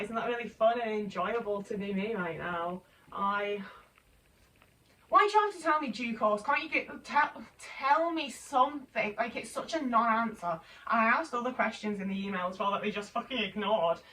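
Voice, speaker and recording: A woman in her twenties rambles through a casual, sweary vent while folding laundry at home. Her voice sits at an ordinary middle pitch for a woman. She is set back from the microphone, with a faint hiss underneath. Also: fairly bright tone, distant mic, low-quality recording. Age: 20s. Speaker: vlogger. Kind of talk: casual venting chat.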